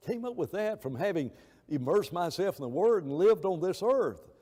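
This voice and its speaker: Mellow-voiced man teaching a Bible class. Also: sits high, big pitch swings, normal speed, slightly rough. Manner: rambling and anecdotal, acts out quoted voices. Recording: long reverb of a church hall.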